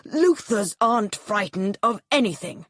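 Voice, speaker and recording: A bossy, cold rich father who snaps orders, pitched higher and pushed louder than the reader's own voice, as a woman narrator puts him on. He sounds husky and slow in this storybook reading. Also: lively intonation, no echo, clean studio sound. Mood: commanding. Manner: commanding, barking orders.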